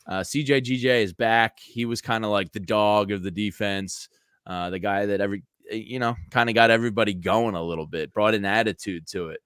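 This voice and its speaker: A man's voice: on the low side, brisk, clean tone, dry recording. Guy cohosting a sports pod, upbeat ad reads, dry close sound. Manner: energetic, chatty ad reads. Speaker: podcast co-host. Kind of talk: casual sports chat with host-read ads.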